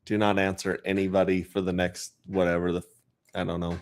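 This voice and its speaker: A man with a lowish voice talks casually on a livestream. He rambles, jokes, and reads chat names aloud one after another. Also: monotone, a little fast, very noisy. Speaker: crypto livestreamer.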